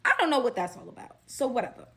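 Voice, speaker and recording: A young woman from Brooklyn with a Brooklyn accent tells a personal story in a casual storytime style. She is animated and drops to a hushed tone for suspense. Her voice sits a little high. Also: fast, slight background noise. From Brooklyn, New York.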